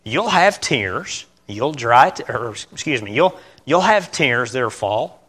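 Earnest middle-aged preacher, bright voice. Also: male voice, medium pitch, sing-song, slightly rough. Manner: earnest, halting, self-correcting, with sudden loud bursts. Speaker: lay preacher. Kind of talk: informal sermon.

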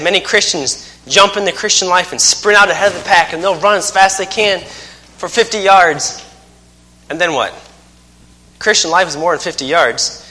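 A man in his thirties with a high, sharp voice preaches a sermon full of folksy stories and self-mocking humor. A long hall reverb trails his words.

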